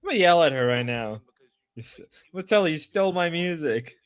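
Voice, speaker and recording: A man hosting a live stream, reacting loudly and excitably while he chats and swears. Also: fairly high pitch, fast talker, clear, resonant tone. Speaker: streamer host. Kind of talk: casual live-stream chat.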